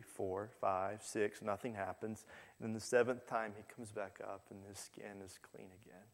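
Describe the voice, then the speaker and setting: A man's voice: lowish voice, vocal fry. A man preaching a sermon, retelling stories and acting out quoted figures with a rising voice. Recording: long hall reverb.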